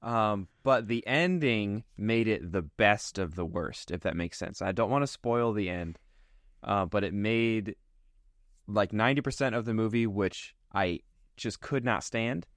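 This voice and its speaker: Man, podcast co-host, low voice, dry close sound, relaxed storytelling. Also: unhurried, no room sound. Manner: relaxed, chatty storytelling with many fillers. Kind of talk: casual chat.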